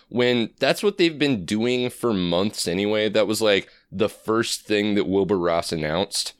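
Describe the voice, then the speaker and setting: A man's voice: fairly low pitch, a little slow, hardly any pauses, clear, resonant tone, no room sound, studio quality. A man from Iowa co-hosting a podcast, chatting casually about politics, joking and laughing often. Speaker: podcast host.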